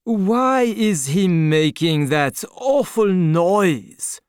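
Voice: medium pitch, animated, darkish tone, clean tone, dry recording, studio quality, voice pushed up. A reader doing a haughty aristocrat in his sixties. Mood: contemptuous. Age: 60s. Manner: slow, haughty, contemptuous drawl. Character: proud, pitiless male aristocrat of about sixty.

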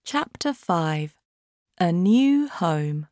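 A woman reads a storybook aloud very slowly and clearly. Her voice sits rather low and sounds dry and close to the mic. Each word is deliberate and easy to follow. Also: animated, a little mellow, dry recording. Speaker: audiobook reader. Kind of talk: graded-reader storybook narration.

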